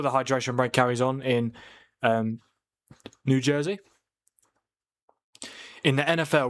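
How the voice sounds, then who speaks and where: Lad chatting on a footy stream, reading out comments, laughs a lot. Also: male voice, medium pitch. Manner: chatty, reads viewer comments aloud, laughs often. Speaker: football watchalong streamer. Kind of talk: casual live-stream commentary.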